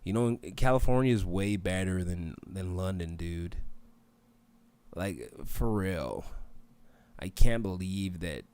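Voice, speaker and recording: A man's voice: low-pitched, lively intonation, slow pace, warm tone, smooth. A British man putting on a laid-back California dude. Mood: boastful. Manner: drawling, says dude and bro.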